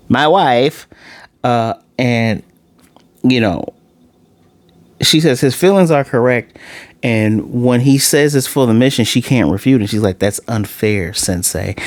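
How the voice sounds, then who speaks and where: A man's voice: fairly low pitch, no room sound. Ranting man reviewing an anime episode. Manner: animated, ranting, mock-acts lines.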